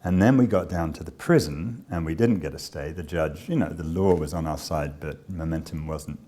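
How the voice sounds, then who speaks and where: A man who directs a charity, telling a personal story in a measured, understated way with frequent pauses. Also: very deep voice, warm tone.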